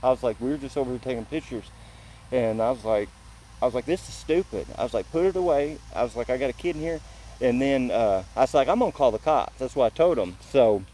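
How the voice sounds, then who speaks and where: A man from Illinois tells his story outdoors in a plain, easygoing way, acting out both sides of the exchange. His voice is mellow and dark, at an ordinary pitch, with a faint hiss of outdoor noise behind it. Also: low-quality recording. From Illinois, USA. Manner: plain-spoken, retells events through quoted back-and-forth. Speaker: visitor telling what happened to him. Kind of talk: casual spoken storytelling.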